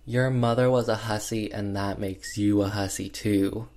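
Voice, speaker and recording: A man's voice: on the low side, fairly even intonation, normal speed, a little mellow, close to an everyday voice. A man voicing an abusive, drunken boxer father in a scornful, accusing tone, close to his own voice.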